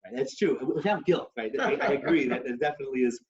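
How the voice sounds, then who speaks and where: A man co-hosting a podcast, chatting casually and telling stories in an animated way, with Yiddish phrases mixed in. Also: mid-range voice, fast. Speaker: podcast co-host. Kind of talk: casual chat and storytelling. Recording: slightly muffled audio.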